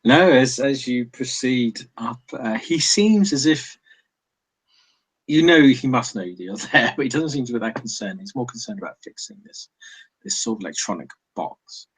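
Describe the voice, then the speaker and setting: A man's voice: medium pitch, lively intonation, normal speed, husky, poor audio. A man running a tabletop game as game master, hesitant and full of fillers, often laughing.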